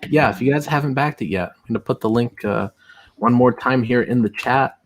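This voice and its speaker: A man's voice: mid-range voice, a little fast. Guy hosting a stream, kinda rambly, talks loose and easy. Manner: rambling, lots of fillers and restarts. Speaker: livestream host. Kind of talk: casual livestream chat.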